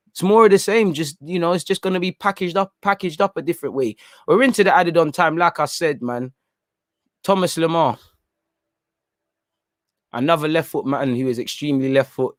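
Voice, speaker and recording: A young man hosting a live football watchalong, talking in an animated, slangy, opinionated way. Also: on the high side, no echo, studio quality. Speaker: football channel host. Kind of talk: live match watchalong commentary.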